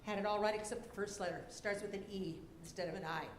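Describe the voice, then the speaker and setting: A woman serving as a spelling bee pronouncer, reading words and definitions deliberately, spelling letters out slowly, and giving stage directions to contestants. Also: medium pitch, steady tone. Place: school auditorium. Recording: echoey auditorium with faint noise.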